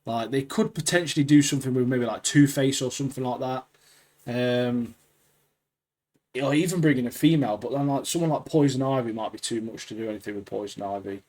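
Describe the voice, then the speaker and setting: A man chats with his podcast co-host at an ordinary middle pitch. He keeps things loose and friendly and drops "mate" into his sentences. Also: brisk, darkish tone. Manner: chatty, says "mate" a lot. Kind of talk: casual chat.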